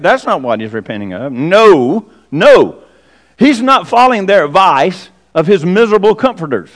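A man preaching a sermon with animated delivery, rhetorical questions and emphatic repetition. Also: high voice, fairly quick.

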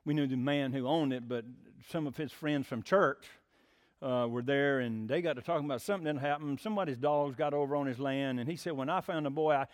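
A man's voice: medium pitch, brisk. A man preaching a sermon in a folksy, plainspoken storytelling way. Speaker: pastor.

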